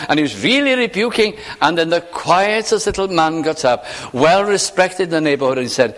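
A man preaches a sermon in a church, his slightly high voice carrying a long reverb. He speaks slowly and with emphasis. He often lets his phrases sink into a hush. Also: animated. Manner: slow, emphatic preaching with hushed, falling phrases.

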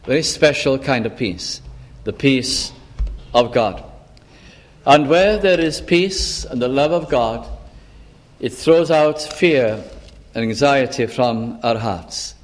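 A man preaching a sermon, slow and deliberate, repeating key phrases for emphasis. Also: medium pitch, expressive.

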